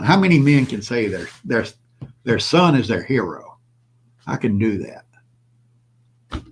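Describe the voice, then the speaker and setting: An older man hosts his own prepper channel, delivering an impassioned solo vlog monologue in a low-ish, creaky, husky voice. He talks bluntly and preachily to his viewers and keeps repeating his points.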